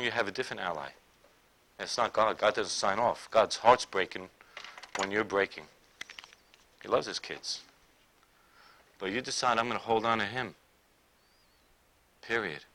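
Male preacher, bright forceful tone, emphatic delivery that moves from loud to hushed. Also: mid-range voice. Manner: emphatic, swinging between loud declaring and quiet intimate asides. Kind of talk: sermon.

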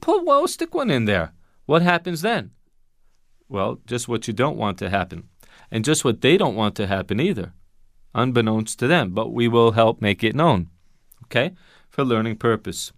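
Guy explaining bible greek, punchy and emphatic, keeps asking questions, dry close sound, average pitch. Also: animated, moderate pace, no echo. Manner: emphatic, rhetorical questions, repeats key phrases. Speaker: Bible teacher. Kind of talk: teaching Greek grammar to listeners.

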